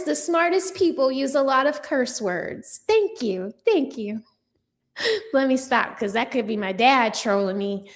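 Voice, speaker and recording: Expressive and measured, this young woman's high voice anchors her casual news-commentary livestream. She talks with viewers in a cheeky, foul-mouthed manner, full of fillers.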